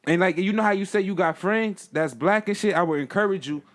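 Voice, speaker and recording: A man's voice: sits high, fairly quick. A man speaking earnestly and in slang in a casual podcast debate, drawing on his own experience. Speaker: podcast co-host.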